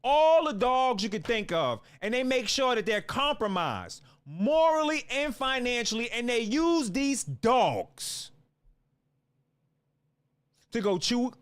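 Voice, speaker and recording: Fiery, high-pitched ranting man. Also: very animated, unhurried, a bit bright, smooth. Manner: fiery, restarts and repeats words. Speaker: political commentator. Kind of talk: heated ranting monologue.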